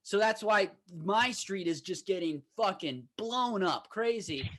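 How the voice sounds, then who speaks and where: Young guy, high voice, profane and animated, casual podcast storyteller. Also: a little slow. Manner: profane, animated storyteller, shouts quoted lines. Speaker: podcast co-host.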